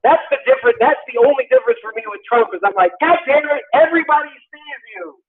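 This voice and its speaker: High-voiced man ranting on a tinny line. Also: animated, fast talker. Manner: profane, ranting, acts out quoted voices. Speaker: podcast co-host. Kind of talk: casual political chat. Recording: tinny phone-like sound.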